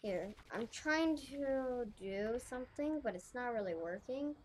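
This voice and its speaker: Woman explaining game building moves, kinda rambly, slow, clicky keyboard noise in the back. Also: on the high side, lively intonation. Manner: rambling, thinking aloud, self-correcting. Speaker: gaming channel host. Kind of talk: casual gameplay tutorial commentary.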